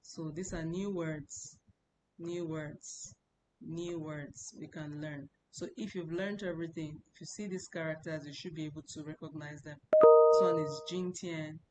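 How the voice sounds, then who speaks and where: A woman's voice: low voice, steady tone, unhurried, a little mellow, slight background noise, low-quality recording. A woman teaching a language class, repeating words and drilling the tones. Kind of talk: classroom lesson.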